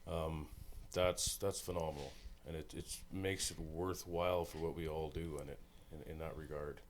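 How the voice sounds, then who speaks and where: A man's voice: extremely low pitch, steady tone, moderate pace, slight background noise. A man from Saskatchewan, a musical guest chatting casually and telling stories with easy chuckles. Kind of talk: casual chat.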